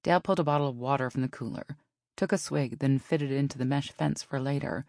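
Woman reading an audiobook, really low voice, dry close sound. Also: steady tone, fast talker, creaky, darkish tone, no room sound. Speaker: audiobook narrator. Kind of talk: scripted narration.

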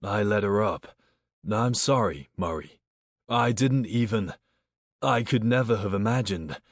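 A man voicing an apologetic male security guard, speaking in halting, remorseful bits in an audiobook. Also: lowish voice, expressive, dry recording, studio quality.

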